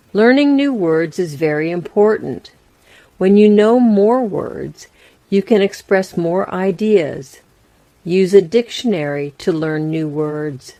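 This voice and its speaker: A woman reading a scripted English lesson as a teacher, in a slow, plain and carefully spaced way. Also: lowish voice, mellow, dry recording.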